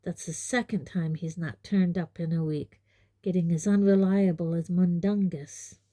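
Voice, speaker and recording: A woman's voice: fairly low pitch, fairly even intonation, moderate pace, warm tone, lightly acted. A woman voicing a grizzled, suspicious old male wizard-soldier in an audiobook, growling clipped warnings. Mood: gruff.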